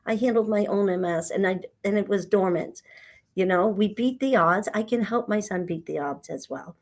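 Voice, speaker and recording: A woman's voice: medium pitch, normal speed. Woman animatedly retelling her story. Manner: animated storytelling, acting out conversations. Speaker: guest. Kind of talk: personal story in an interview.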